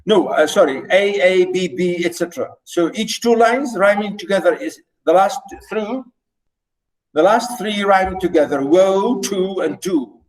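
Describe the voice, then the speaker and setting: High-voiced man lecturing slowly. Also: rough recording. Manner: animated, rhetorical questions, many fillers. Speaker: literature lecturer. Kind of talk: classroom poetry lecture.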